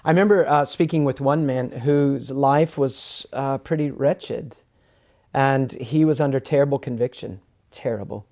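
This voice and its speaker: A man's voice: mid-range voice, unhurried, dark tone. A man co-hosting a podcast, talking earnestly in casual conversation and often acting out the voices of people he quotes.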